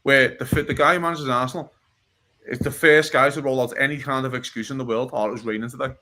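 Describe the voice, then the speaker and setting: A man talking football on a podcast, blunt and animated, swearing and often asking "do you know what I mean". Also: medium pitch, brisk. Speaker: podcast co-host. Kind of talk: casual football chat.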